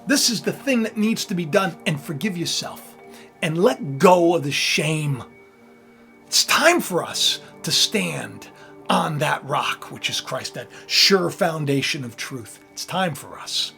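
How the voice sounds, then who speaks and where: A man with a worn, hoarse voice preaches scripture straight to his viewers. He drops to a near-murmur, then rises to loud, fervent bursts. Faint music plays underneath. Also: on the high side, expressive, a little slow. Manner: swings from quiet intimacy to loud fervor. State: hoarse, tired voice. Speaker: online preacher, channel host. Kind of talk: impassioned scripture preaching to camera.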